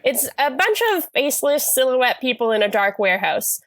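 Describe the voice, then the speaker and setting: A woman's voice: high voice, animated, normal speed, a bit bright, no echo. A woman co-hosting a podcast, chatting casually as she recaps a TV episode, rambling with lots of fillers and self-corrections. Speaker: podcast co-host.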